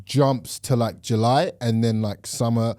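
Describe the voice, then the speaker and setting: A man's voice: mid-range voice, fairly even intonation, a little slow, mellow. A young man, co-hosting a casual chat in a teasing, laid-back way, full of "like" fillers. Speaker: podcast co-host.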